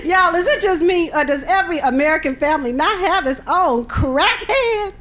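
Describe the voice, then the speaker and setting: Sassy middle-aged woman stand-up, very high bright voice, faint room noise. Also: lively intonation, normal speed. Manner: sassy, punchy, laughs at her own jokes. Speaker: stand-up comedian. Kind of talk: stand-up comedy set.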